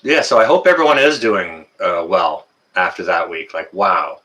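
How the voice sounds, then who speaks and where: A Canadian man hosts a casual livestream, greeting viewers in the chat by name and chatting with lots of fillers. His voice sits low, with a bright, forceful tone at a moderate pace.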